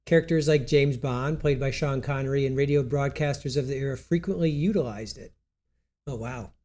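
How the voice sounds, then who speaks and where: A man hosting a live stream in casual chat, rambling, laughing often and reading aloud haltingly, with a stuffy nose. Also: mid-range voice, dark tone.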